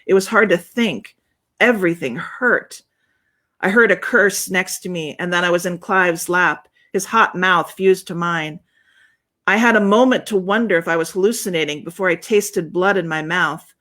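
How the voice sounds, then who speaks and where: A woman author reading a first-person scene from her novel over a video call, steady and with a dry humor. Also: lowish voice. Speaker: guest author.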